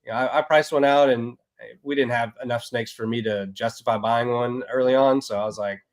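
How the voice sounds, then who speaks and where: A man's voice: mid-range voice, steady tone, a little fast. A man from Texas with a Texan accent, a guest on a podcast, telling stories in an easygoing, rambling way with plenty of fillers. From Texas, USA. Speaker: guest, snake breeder. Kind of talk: casual podcast conversation.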